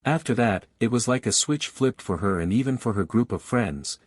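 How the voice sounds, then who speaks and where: A man narrating a first-person romance story in a flowing, steady manner, carrying long run-on sentences. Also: medium pitch, moderate pace, husky, dry recording, clean studio sound.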